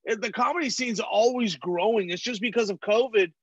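A comedian from California telling stories as an interview guest. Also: male voice, high-pitched, fairly quick, husky, no echo, highs cut off. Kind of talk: casual interview chat.

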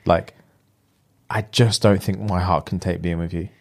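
A young man with a low-pitched voice and a touch of vocal fry speaks at a measured pace. He's chatting casually, retelling a film plot in slang and animatedly acting out the characters' lines.

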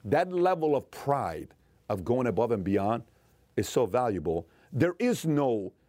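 Middle-aged guy giving a motivational talk, earnest, gets soft and slow when he's moved, dead dry room. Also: mid-range voice, very animated, no echo. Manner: earnest, storytelling, often slows down and drops to a soft emotional tone. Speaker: motivational speaker.

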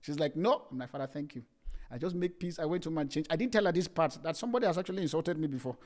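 Preaching to his congregation on a streamed service mic, a young adult male pastor reads scripture aloud and tells humorous stories from his own life. He speaks very fast, his voice a little high and slightly mellow.

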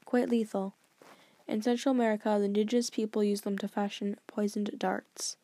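A woman voicing a stern, formal old grandfather who speaks in a measured, grave, lecturing way, a bit lower and quieter than her narration. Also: little pitch movement, no room sound, close to an everyday voice.

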